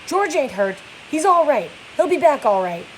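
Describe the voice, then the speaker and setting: A woman's voice: high-pitched, sing-song, moderate pace, slight background noise, voice pushed up, poor audio. A woman reading the lines of a weary, bitter middle-aged male stable hand in a plain read-aloud voice. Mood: placating.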